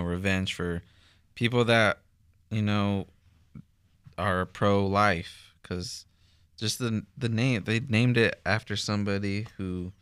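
A young man co-hosting a podcast, speaking haltingly and often starting his sentences over. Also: on the low side, a bit bright, smooth, dry recording, clean studio sound. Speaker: podcast co-host. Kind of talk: casual podcast chat.

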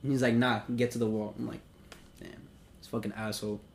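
A young man, hosting a podcast and telling a story in a profane, animated way with acted-out quotes. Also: lowish voice, fast talker, vocal fry. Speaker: podcast host. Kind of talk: casual storytelling.

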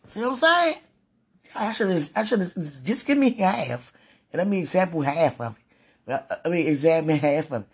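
Gravelly, husky woman rambling to God. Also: on the low side, animated, fairly quick. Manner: sighing, exasperated, repeats herself, pleads aloud to God. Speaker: vlogger. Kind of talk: casual rambling monologue.

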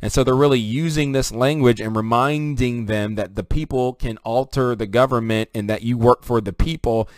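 A man hosting a political commentary vlog, talking rapidly and conversationally to his viewers. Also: medium pitch, no room sound. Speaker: online commentator.

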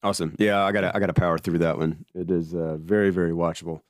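A man's voice: low-pitched, steady tone, quick pace, very noisy. A man hosting a casual film podcast, playful and joking, playing a studio boss. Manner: playful, role-plays a studio mogul. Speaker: podcast host. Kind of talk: casual chat about films.

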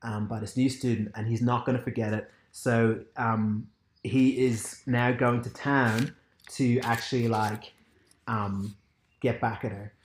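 A man's voice: medium pitch, steady tone, measured pace, a little hiss or hum. A man chatting casually on a podcast, rambling with lots of fillers and laughing asides as he recaps a show. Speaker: podcast co-host. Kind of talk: casual chat recapping a TV drama. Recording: roomy echo.

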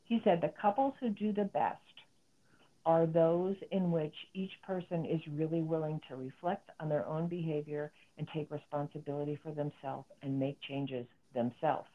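Woman, middle-aged, lowish voice, earnest explainer, tinny phone-line sound. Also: steady tone, moderate pace. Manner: earnest, explanatory, acts out quoted speech. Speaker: psychotherapist and author guest. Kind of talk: interview conversation.

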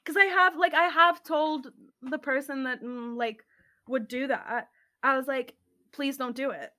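Bright, high-voiced young woman. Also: a little slow. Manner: animated, blunt, swears when annoyed. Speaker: podcast co-host. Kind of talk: casual chat.

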